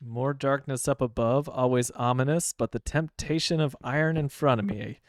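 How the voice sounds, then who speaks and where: A man's voice: medium pitch, normal speed, dry recording, studio quality. A man from the American Midwest giving casual, chatty commentary while playing a game on stream, joking to himself as he goes. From Midwestern United States. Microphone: streaming microphone.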